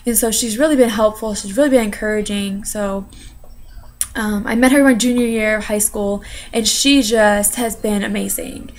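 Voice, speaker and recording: A woman's voice: mid-range voice, fairly even intonation, normal speed. A young woman, an interpreting student, telling her story in a casual, chatty way with many fillers. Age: young adult. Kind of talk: casual personal account.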